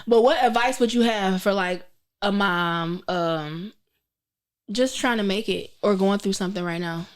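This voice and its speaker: A woman's voice: medium pitch, measured pace, clean tone. A woman with a Detroit accent hosting a podcast, chatting casually and telling stories with quoted voices. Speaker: podcast host. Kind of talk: casual chat.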